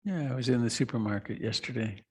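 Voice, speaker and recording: A middle-aged man giving a reflective meditation talk, slow and soft, with long pauses and trailing lines. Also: mid-range voice, slightly rough. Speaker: meditation teacher. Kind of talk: dharma talk.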